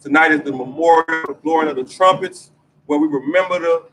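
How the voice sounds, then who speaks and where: A man's voice: a little high, brisk, fairly bright tone, faint music behind, low-quality recording. A man announcing the start of a religious service in a plain, matter-of-fact way.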